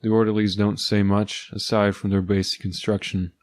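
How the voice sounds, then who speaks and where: A man's voice: lowish voice, little pitch movement, moderate pace, dry recording. A man narrating a first-person story in a dry, sardonic manner.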